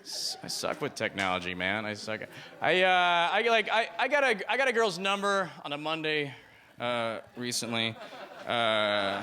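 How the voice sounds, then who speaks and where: A man's voice: on the high side, very animated, brisk, sharp tone. A male stand-up comedian delivers a rambling, self-deprecating set on a club stage into a handheld mic, often slipping into voices.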